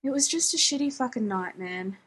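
Woman doing battered young guy, muttering, wry, sheepish, breathy voice, storybook reading. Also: on the high side, lively intonation, fairly quick, fairly bright tone, pitched above the performer's own voice. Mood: tired, sheepish. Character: weary, bruised young man, joking and embarrassed.

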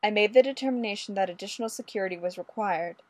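A woman's voice: mid-range voice, fast, a little mellow, no echo, lightly acted. A woman voicing a polite, formally spoken young male constable. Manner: formal, proper.

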